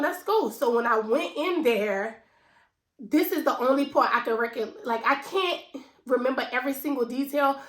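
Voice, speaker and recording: A woman's voice: high-pitched, fairly bright tone. A woman in her thirties with a New Orleans accent, telling a personal story to her viewers in an emotional, conversational way. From New Orleans, USA. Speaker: finance vlogger. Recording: echoey room.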